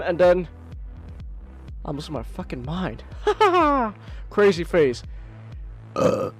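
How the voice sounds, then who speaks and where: A man hosting a live stream, chatting casually in an excitable way, swearing freely and laughing a lot. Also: sits high, slow pace, pauses often, slightly rough, soft background music. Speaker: streamer host.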